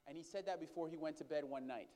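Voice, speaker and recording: High-voiced man preaching a sermon. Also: fast talker, mellow. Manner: addresses the congregation as brothers and sisters; calls for responses from the congregation. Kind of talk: sermon storytelling.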